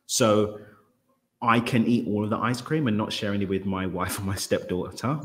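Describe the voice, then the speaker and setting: A man with a lowish voice, speaking as a podcast guest. He talks in long, thoughtful stretches, sometimes stumbling and restarting when an idea runs ahead of him. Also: moderate pace. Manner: reflective, expansive, stumbles over words when excited. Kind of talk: casual conversational interview.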